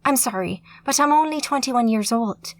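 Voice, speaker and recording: A woman's voice: a little high, animated, normal speed. A woman voicing a wry young heroine. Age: 20s. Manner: wry, quipping. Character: young woman mage, 21, quick-witted. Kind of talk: audiobook character voice.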